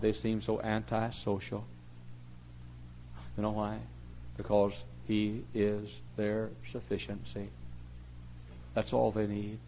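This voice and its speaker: Male pastor, gravelly voice, hollering sermon style, faint hum under the recording. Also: on the low side, poor audio. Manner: hollering preacher, swings from hushed to shouting.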